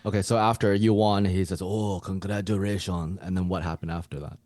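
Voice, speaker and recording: Very deep-voiced man in casual chat. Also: fast, a little mellow, dry recording. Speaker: podcast co-host.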